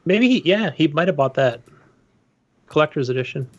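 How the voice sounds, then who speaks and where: A man's voice: a little high, lively intonation, normal speed. Dry-joking man from England, dull mic. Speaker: podcast co-host. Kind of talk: casual gaming podcast chat.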